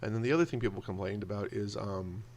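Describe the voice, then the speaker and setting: A man telling personal stories in a casual monologue, animated and acting out the voices of people he quotes. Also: fairly low pitch, quick pace, a little hiss or hum. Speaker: video blogger.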